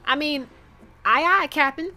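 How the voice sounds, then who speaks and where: Woman doing a very high sweet little girl. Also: unhurried, pushed and bright, heavily acted. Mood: earnest. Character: sweet earnest young girl Daisy.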